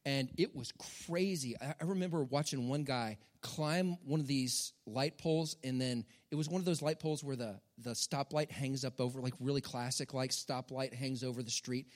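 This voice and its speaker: A middle-aged man preaching a sermon with animated, dramatic storytelling and emphatic repetition. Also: mid-range voice, normal speed, hardly any pauses. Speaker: pastor. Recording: long hall reverb.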